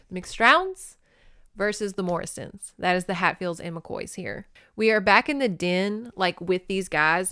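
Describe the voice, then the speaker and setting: A woman hosting a casual book-recap podcast, animated and joking, with quick asides and swearing. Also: mid-range voice, smooth, dry recording, studio quality. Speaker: podcast host.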